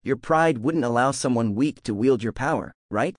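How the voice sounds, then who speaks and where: A man's voice: mid-range voice, normal speed, no room sound, clean studio sound, lightly acted. A man voicing a playful, sly trickster god in a fan-made audiobook. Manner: teasing, sly.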